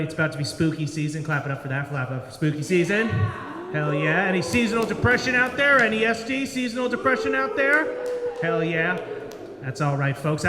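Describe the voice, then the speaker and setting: A man with a high, bright voice runs a loose stand-up set at an open mic. He rambles and pokes fun at himself, now and then breaking into shouty bits. His voice rings around a roomy bar with a long reverb. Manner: rambling, self-deprecating, jumps into shouty bits. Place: brewery bar with live audience.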